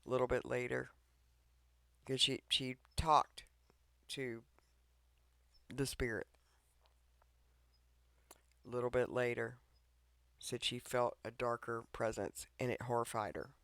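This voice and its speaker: A man's voice: mid-range voice, level tone, takes it slowly, creaky, long pauses, sharp tone, dry recording, studio quality. A man preaching an informal devotional talk online, earnest and pleading, who keeps checking in with his listeners.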